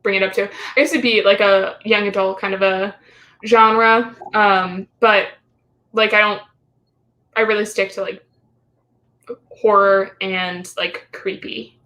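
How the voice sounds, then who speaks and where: A young woman in her twenties, a guest in a casual chat, talking haltingly as she searches for her words. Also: medium pitch, flat delivery, bright, forceful tone. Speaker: guest, college friend.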